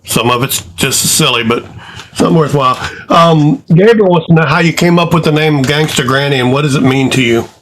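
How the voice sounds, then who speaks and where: A man's voice: a little high, a little fast, a bit bright, a little hiss or hum, poor audio. A man hosting a casual interview, reading out viewer questions and teasing in an easygoing way. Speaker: host.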